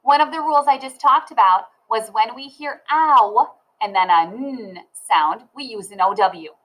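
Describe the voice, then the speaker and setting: Slow, patient woman teaching phonics. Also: a little high, fairly bright tone, rough recording. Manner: slow, clear sounding-out of letters and words. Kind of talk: phonics lesson for children.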